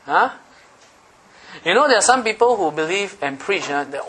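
A man's voice: high-pitched, very animated, normal speed, a bit bright, slight background noise. A male pastor giving a sermon in a playful, teasing way, often checking in with his listeners.

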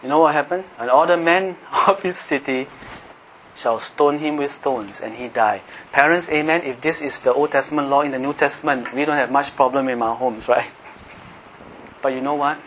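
A middle-aged man with a Singaporean English accent preaching an impassioned sermon, often rising to a shout. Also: medium pitch, normal speed, a little hiss or hum, rough recording. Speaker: pastor.

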